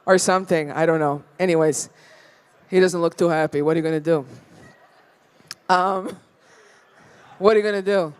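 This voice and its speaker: A woman's voice: on the low side, fairly even intonation, normal speed, long pauses, clean tone. Brash, profane young woman doing stand-up. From Toronto area, Canada. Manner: brash, profane, rambling storytelling with frequent "right?". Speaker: stand-up comedian. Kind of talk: stand-up comedy set. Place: live comedy venue with audience.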